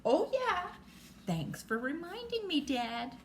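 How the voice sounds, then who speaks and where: A woman voicing a forgetful little boy in a read-aloud storybook, answering in slow, sheepish tones. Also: mid-range voice, wildly swooping pitch, reverberant, a little hiss or hum, heavily acted.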